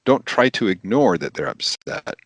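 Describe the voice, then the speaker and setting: A man, a physician, giving practical advice in an animated, emphatic podcast interview, repeating his key phrases. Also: medium pitch, moderate pace, vocal fry, dry recording.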